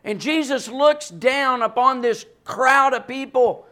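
A man preaching a sermon with a voice that carries, swinging from hushed, quiet passages to loud, emphatic ones. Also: very high-pitched, slow, few pauses.

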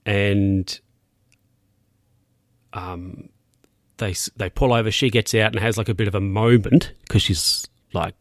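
A man's voice: lowish voice, fairly even intonation, a little slow, pauses often, no room sound, studio quality. A man casually recapping a film scene by scene, rambling and correcting himself with plenty of fillers.

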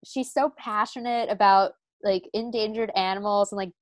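A woman guest on a podcast, recapping a TV episode in casual chat with animated storytelling. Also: mid-range voice, normal speed, no room sound, studio quality.

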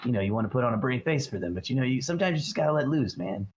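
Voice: mid-range voice, lively intonation, racing, darkish tone. A player joking and swearing through a tabletop role-play game, laughing often.

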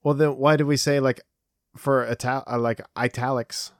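A podcast co-host with a mid-range voice talks at a moderate pace with fairly even intonation on a casual gaming show. He's easygoing and rambling, full of fillers, with a little hiss or hum in the audio.

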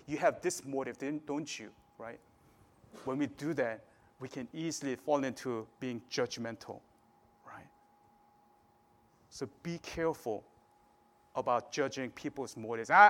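A man's voice: mid-range voice, fairly bright tone. A man preaching a sermon in a conversational way, often checking in with the listeners. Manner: conversational preaching, frequent "right?" tags.

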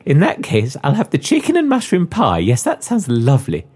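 A man voicing an indecisive, prim young woman ordering food, raising his voice high. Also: wildly swooping pitch, moderate pace, a little mellow, slight background noise. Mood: dithering.

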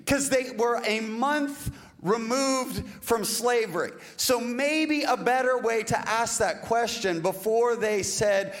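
A pastor delivering a sermon in a conversational, relatable way, full of rhetorical questions. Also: male voice, very high voice, measured pace.

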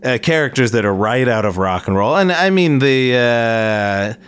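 A man's voice: medium pitch, expressive, moderate pace, fairly bright tone, clear, resonant tone. A man hosting a podcast, chatting casually and agreeing often in an easygoing way. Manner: easygoing, lots of agreeing fillers and restarts. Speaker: podcast host. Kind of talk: casual chat.

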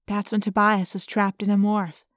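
A woman voicing a quiet, thoughtful teenage girl in an audiobook, speaking slowly. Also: medium pitch, flat delivery, dry recording, clean studio sound, lightly acted. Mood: sober. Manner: quiet, slower delivery.

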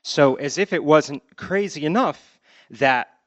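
On stage, a man from Connecticut tells a childhood story with wry, deadpan delivery, acting out the voices of his family. His voice is fairly high and he speaks slowly. The recording is dry, with the highs cut off.

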